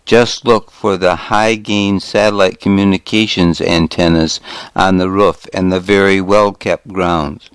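Male volunteer audiobook reader, deep voice, crisp, dry close sound. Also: a little slow, no echo. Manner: calm, steady reading. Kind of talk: audiobook narration.

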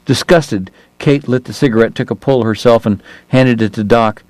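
A man reading a novel aloud in steady, measured narration. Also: mid-range voice, no room sound, poor audio. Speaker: audiobook narrator. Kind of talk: scripted narration.

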